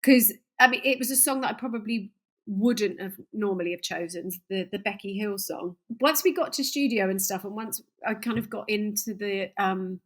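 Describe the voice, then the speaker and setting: A woman's voice: medium pitch, normal speed. A woman, a singer guest on a podcast, chatting casually and laughing often as she tells stories. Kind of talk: casual interview chat.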